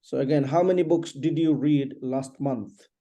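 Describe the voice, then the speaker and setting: A man teaching an English lesson one on one, patiently repeating questions and explaining slowly. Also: mid-range voice, dark tone.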